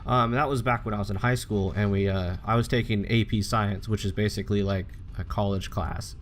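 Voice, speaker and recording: A man's voice: lowish voice, fairly even intonation, fairly quick, slight background noise. A young man giving casual, rambling commentary while playing a game, chatting freely and swearing now and then. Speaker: gaming channel host.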